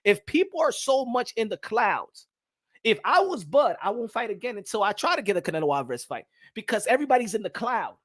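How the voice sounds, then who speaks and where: A man hosting a casual boxing live stream, talking animatedly, repeating himself and shouting out chat viewers. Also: high voice, very animated, brisk. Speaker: boxing channel host.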